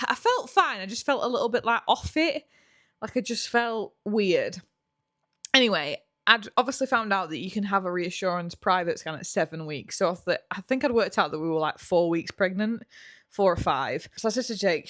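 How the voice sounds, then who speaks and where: A woman's voice: mid-range voice, dry recording, clean studio sound. Chatty young woman. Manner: chatty and animated, heavy on fillers, acts out quoted dialogue. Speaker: podcast host. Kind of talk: casual storytelling chat.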